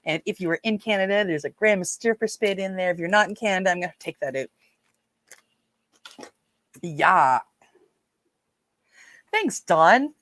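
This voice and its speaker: Chatty lower-voiced woman with a Newfoundland lilt. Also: animated, normal speed, long pauses, fairly bright tone, no room sound. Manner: chatty, greets viewers and reads comments aloud, rambling with fillers. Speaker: livestream host. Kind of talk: casual livestream chat.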